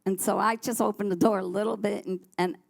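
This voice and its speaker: Gravelly-voiced woman telling her testimony. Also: medium pitch, fairly quick. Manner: vivid, animated storytelling with frequent restarts. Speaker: guest sharing her testimony. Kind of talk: personal testimony on a church talk show.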